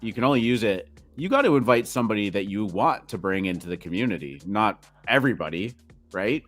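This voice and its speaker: A man's voice: lowish voice, expressive, brisk, a bit bright, soft background music. A man co-hosting a casual podcast chat, easygoing and explanatory. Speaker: co-host.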